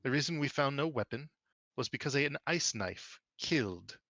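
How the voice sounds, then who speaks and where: A man's voice: mid-range voice, animated, moderate pace, bright, forceful tone, no room sound, voice pushed up. A man voicing a woman who is a sorceress, clipped and authoritative. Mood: certain. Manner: clipped, cool.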